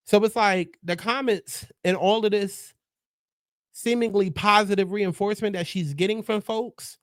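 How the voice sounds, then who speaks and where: A man's voice: high voice, fairly bright tone, no echo, clean studio sound. Sassy, profane male commentator. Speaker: host. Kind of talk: pop culture commentary.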